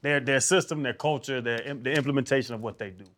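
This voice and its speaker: A man co-hosting a podcast, eagerly asking questions in quick bursts. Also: mid-range voice, a bit bright. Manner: eager, rapid-fire questions. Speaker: podcast co-host. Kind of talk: casual podcast chat.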